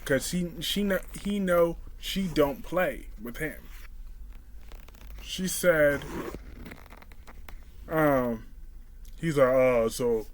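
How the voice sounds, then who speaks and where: A male vlogger gives casual commentary on a soap episode. He rants hotly, swears freely and berates a character as if the character could hear him. His voice sits a touch high for a man. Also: extremely slow, long pauses, slight background noise. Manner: heated, profane ranting; animated, talks straight at the character. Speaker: soap opera reviewer.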